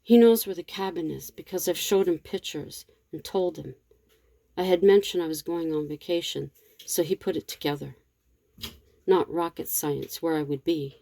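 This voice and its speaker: A woman reading a frightened young woman's lines in a hushed, anxious way. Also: lowish voice, normal speed, vocal fry, no room sound. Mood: tearful.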